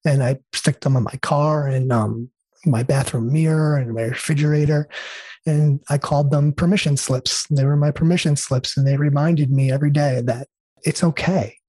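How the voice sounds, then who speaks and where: Earnest man with a mellow, husky voice. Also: a little high, steady tone, normal speed, no echo. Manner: earnest, heartfelt, with many fillers and restarts. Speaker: interview guest. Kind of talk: conversational storytelling.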